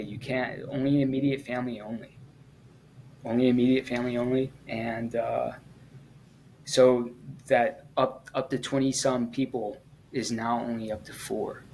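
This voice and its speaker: A man, a former Marine, telling his story in an interview in a halting, earnest way, with frequent pauses and restarts. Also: mid-range voice, darkish tone, slight background noise, poor audio. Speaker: guest, former Marine at the Kabul airport evacuation.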